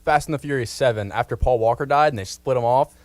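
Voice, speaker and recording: A man's voice: mid-range voice, quick pace, no echo. A man in his twenties joining a sports radio chat, laid-back and talking casually. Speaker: radio show guest.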